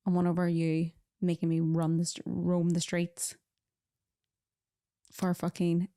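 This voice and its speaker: Chatty young woman with a gravelly edge. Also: lowish voice, unhurried. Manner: chatty, teasing, animated storytelling. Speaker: podcast host. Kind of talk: casual couple chat.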